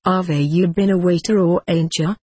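A woman's voice: lowish voice, steady tone, normal speed, dark tone, breathy edge, no room sound, clean studio sound. A woman voicing a coarse, blunt male employment agent, in a storybook reading. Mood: gruff. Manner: blunt, mocking, dropped aitches. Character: coarse London male employment agent, cigar-chewing, gruff.

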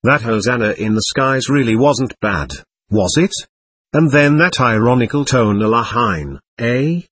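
A sly, sulking devil full of theatrical irony, read by a man. The voice is husky and swings widely in pitch, recorded close and dry with no room sound. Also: animated, unhurried, a bit bright, no room sound. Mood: teasing. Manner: ironic, theatrical, self-pitying musing. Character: sly mocking male devil, talkative and sulking. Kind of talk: audiobook reading of a novel.

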